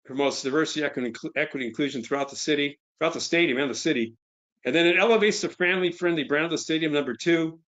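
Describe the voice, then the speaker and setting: A middle-aged man talks through a presentation in a relaxed, conversational way, full of "uh"s and restarts. His voice sits in a middle pitch. The sound is a little dull and lo-fi. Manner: conversational, fillers, quotes others. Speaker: nonprofit founder. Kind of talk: webinar presentation.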